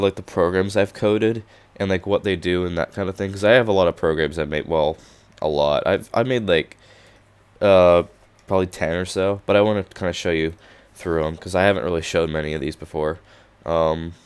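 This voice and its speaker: A young man, hoarse and losing his voice, casually walking through programs he coded, with many fillers and restarts. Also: low-pitched. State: losing his voice, clearing his throat. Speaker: hobby programmer showing his projects. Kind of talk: casual screen-recorded walkthrough.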